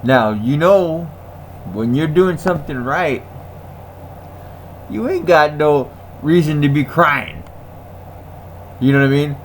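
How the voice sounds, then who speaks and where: A man's voice: on the high side, takes it slowly, pauses often, a little hiss or hum. A man in a casual ranting monologue who repeats himself, laughs often and talks in slang. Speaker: vlogger.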